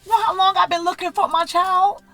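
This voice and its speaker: A woman's voice: very high voice, fairly even intonation, a little fast, fairly bright tone. A woman playing a shaken mother who curses and breaks off mid-sentence. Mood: stunned. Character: shaken mother learning her enemy is her daughter.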